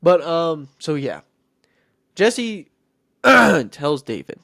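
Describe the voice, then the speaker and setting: A podcast host retells a Bible story in a casual, rambling way, breaking off into goofy side questions. His pitch jumps around a lot, and the sound is dry and close with no room around it. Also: sing-song, very slow, vocal fry, long pauses, pushed and bright, no echo. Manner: rambling, goofy asides, self-interrupting.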